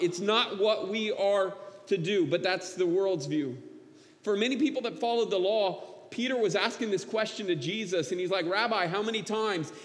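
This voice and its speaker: A man preaching a sermon, emphatic and repetitive, reading scripture aloud to his congregation. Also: high voice. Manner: emphatic, repeats himself, reads scripture aloud. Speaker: pastor. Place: church. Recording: long reverb of a church hall.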